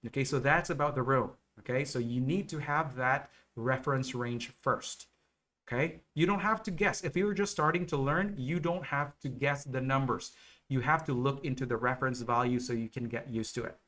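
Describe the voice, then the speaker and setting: Guy teaching nclex stuff live, talks slow on purpose, keeps asking okay? right?. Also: medium pitch, fairly bright tone. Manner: slow, repetitive explaining with frequent okay and right checks. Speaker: nursing exam coach.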